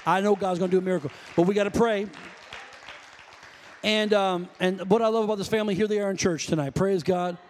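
A male pastor with a high voice preaches to his congregation, drifting into loose stories with restarts and calls for a response. The sound carries a long reverb from the church hall. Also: fairly even intonation, a little fast, some chatter behind, a little hiss or hum. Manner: conversational, rambling storytelling with self-corrections. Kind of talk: sermon.

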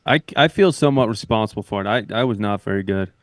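A man's voice: on the low side, fast, no room sound. Laid-back man on a dry close mic. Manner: laid-back, jokey, says "like" a lot. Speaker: podcast co-host. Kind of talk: casual sports chat.

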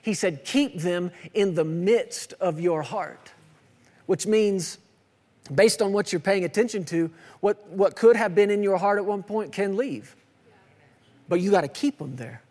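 A man's voice: high-pitched, normal speed, a little mellow. A man in his thirties preaching a sermon, emphatic and repetitive with playful asides. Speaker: pastor. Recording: long hall reverb.

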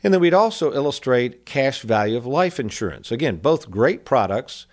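Middle-aged male radio host, folksy and chatty, mid-pitched studio voice. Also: sing-song, moderate pace, a little mellow. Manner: folksy, addresses listeners as folks. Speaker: financial advisor radio host. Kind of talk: casual radio talk.

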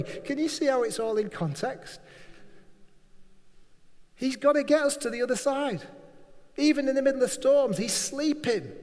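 Male preacher, high-pitched, repeats key lines for emphasis, reverberant hall sound. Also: a little mellow. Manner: emphatic, repetitive preaching with acted-out quotes. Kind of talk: sermon.

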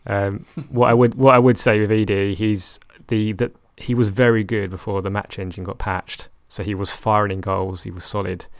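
A man's voice: on the low side, level tone, moderate pace, few pauses, dry recording. A young man talking casually about his football management game, rambling and correcting himself with a wry tone. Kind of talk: casual chat.

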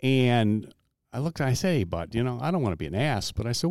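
A man in casual conversation whose pitch rises and falls a lot as he talks. He rambles, restarts his sentences and stacks up little asides. The sound is dry and close, with no room around it. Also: brisk, no room sound. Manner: rambling, with lots of restarts and lively pitch swings. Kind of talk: casual storytelling chat.

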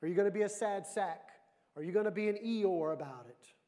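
A man preaching a sermon with a high, bright voice. He is lively and keeps turning questions back on the congregation, mixing stories with direct appeals. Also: a little fast. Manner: lively, asks the audience questions. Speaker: pastor.

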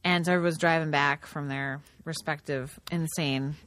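A woman's voice: low-pitched, steady tone, moderate pace, a bit bright, no echo. A woman from Wisconsin chatting casually with a teasing tone. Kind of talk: casual chat.

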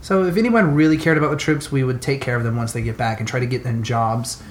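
A man's voice: mid-range voice, fast talker. Young man, podcast co-host, casual chat, swears and rants, faint noise behind. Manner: profane, ranting, laughs often.

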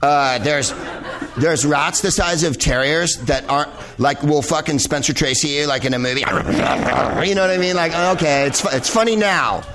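A man's voice: fairly high pitch, normal speed, fairly bright tone. A man hosting a live show, delivering a rambling, profane comic monologue full of digressions. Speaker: comedian host. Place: live venue in Los Angeles with audience.

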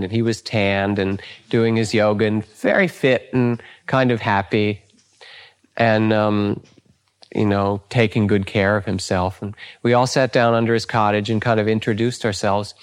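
An older man, a meditation teacher, telling anecdotes in a dharma talk, often chuckling and saying "you know". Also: lowish voice.

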